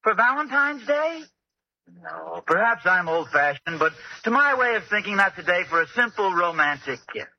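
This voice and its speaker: A sheepish, fumbling husband stammers through excuses in a fairly high, very lively voice. The sound is a lo-fi old radio recording with faint hiss, done in 1940s sitcom style. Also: male voice, normal speed, heavily acted. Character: flustered good-natured young husband.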